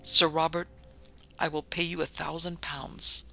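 A man voicing a sinister, disfigured nobleman in an audiobook, speaking with measured, coldly polite menace. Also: fairly high pitch, little pitch movement, gravelly, bright, forceful tone, faint music behind, exaggerated voice. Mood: menacing. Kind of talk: audiobook narration.

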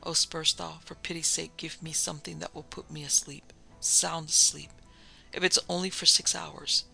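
A man's voice: fairly high pitch, flat delivery, normal speed, vocal fry, bright, forceful tone, breathy edge, soft background music, heavily acted, rough recording. A man reading the part of a sleepless man near breaking point, pleading desperately.

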